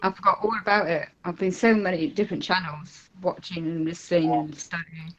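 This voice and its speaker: A woman's voice: lowish voice, fairly even intonation, a little fast, fairly bright tone, lo-fi sound. A woman calling in to a live talk show, chatting in a rambling way with lots of fillers and asides. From United Kingdom. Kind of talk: casual chat.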